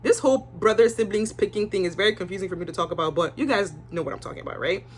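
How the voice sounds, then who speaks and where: A woman's voice: medium pitch, rapid-fire. A young woman giving a casual, opinionated recap of a reality show, chatting with her viewers and filling her talk with asides.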